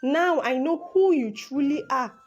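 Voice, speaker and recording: A woman voicing a calm, self-assured young prince. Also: sits high, a little slow.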